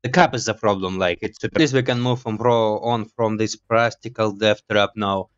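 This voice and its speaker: Excitable man, slightly dull mic. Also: fairly low pitch, moderate pace, clean tone. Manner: excitable, jokey, laughs at himself. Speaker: gaming YouTuber. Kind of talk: casual let's-play commentary.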